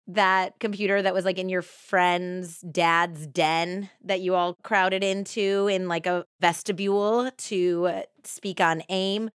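A woman's voice: mid-range voice, smooth, dry recording, clean studio sound. A woman in her thirties co-hosting a true crime podcast, chatting and laughing between scripted narration. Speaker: podcast co-host.

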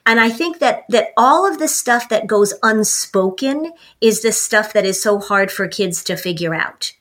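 A woman's voice: medium pitch, animated, measured pace, few pauses, a bit bright. A woman co-hosting a parenting podcast, explaining at length and acting out what a parent and child might say. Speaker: parenting expert co-host. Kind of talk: casual podcast chat.

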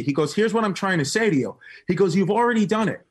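A man, a comedian telling a story in an animated way, laughing often. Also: normal speed, slightly rough. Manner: animated storyteller, laughs often and jumps up in pitch for quoted voices. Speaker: guest comedian. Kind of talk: storytelling in casual podcast chat.

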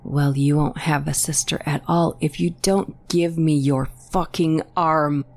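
A woman's voice: low-pitched, fairly even intonation, measured pace, a little mellow. A woman putting on a frightened, insistent sister.

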